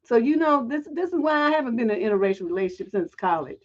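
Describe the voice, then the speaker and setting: Woman relationship coach, high voice, blunt profane ranting, dull lo-fi sound. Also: expressive, fast. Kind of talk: livestream advice show.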